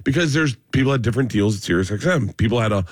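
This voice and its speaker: A man's voice: medium pitch, racing, dry recording, studio quality. A man telling stories in casual chat on a radio show, acting out quotes as he goes. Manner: animated storytelling with acted quotes. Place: radio studio.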